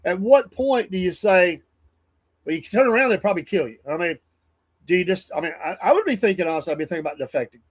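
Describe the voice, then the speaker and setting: A man's voice: sits high, animated, quick pace. A man hosting a news commentary show, talking off the cuff in a rambling way with chuckles. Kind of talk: casual political commentary.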